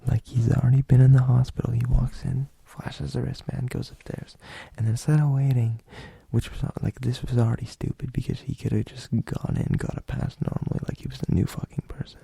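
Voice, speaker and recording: Very gravelly, dark-voiced young man. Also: mid-range voice, level tone, a little fast, dry recording. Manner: rambling, profane, loose delivery with many fillers. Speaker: podcast host. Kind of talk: casual storytelling.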